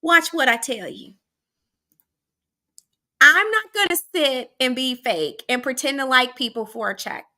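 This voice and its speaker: A woman from Arkansas chats through a personal story as host, talking straight to her audience. Her voice sits high and comes across bright and forceful. She keeps it lively and casual. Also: a little slow, long pauses. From Arkansas, USA. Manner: chatty and animated, often addressing listeners directly.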